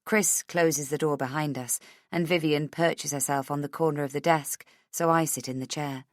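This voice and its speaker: A woman narrating a first-person thriller audiobook in an expressive, tense storytelling manner. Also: low-pitched, normal speed, no room sound, studio quality.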